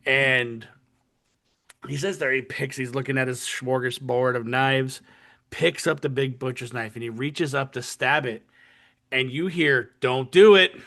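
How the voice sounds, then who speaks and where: A man hosting a podcast, retelling a horror short film in casual, profane, animated chat. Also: medium pitch, unhurried. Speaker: podcast host.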